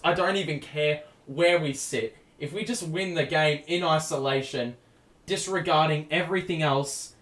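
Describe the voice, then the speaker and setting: A young Australian man giving excitable, foul-mouthed fan play-by-play on a live stream, yelling at big plays. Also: on the high side. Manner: excitable, swears casually, yells at big plays. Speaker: streamer hosting a game watchalong. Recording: echoey room.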